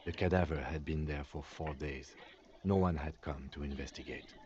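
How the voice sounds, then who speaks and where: An actor playing a calm, measured male police lieutenant in a video game, speaking in a level, formal way. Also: rumbling low. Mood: composed. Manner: level, formal, matter-of-fact briefing. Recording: dull lo-fi game audio, faint noise.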